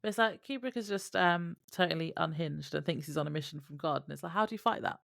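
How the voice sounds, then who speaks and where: Woman, podcast co-host, lowish voice, dry close sound, laughs a lot, casual recap chat. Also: quick pace, creaky, fairly bright tone, no room sound. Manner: laughs often, retells scenes with quoted lines.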